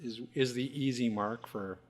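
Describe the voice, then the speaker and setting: Male co-host, mid pitch, relaxed and hesitant. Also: normal speed. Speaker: podcast co-host. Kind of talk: casual joke-telling chat.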